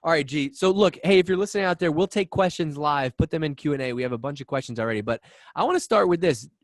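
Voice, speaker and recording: A man hosting a live webinar over a video call, talking fast and excitedly with lots of restarts. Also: fairly high pitch, dry recording. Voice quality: excitable, rapid, restarts often. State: out of breath. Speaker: webinar host. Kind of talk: energetic live webinar chat. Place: office in Boston.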